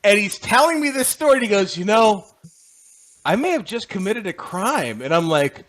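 A man with a notably high voice joins a podcast chat. He retells things playfully and laughs easily. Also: sing-song, normal speed, fairly bright tone. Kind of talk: casual podcast banter.

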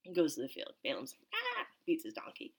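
Leading a casual Bible study, a woman reads verses aloud and then chats about them animatedly, full of asides. Her voice is bass, creaky and husky, and she talks fast.

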